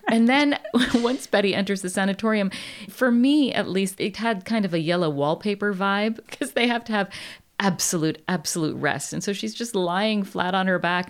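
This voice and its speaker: A woman in casual book talk, thoughtful and measured with a wry edge. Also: lowish voice.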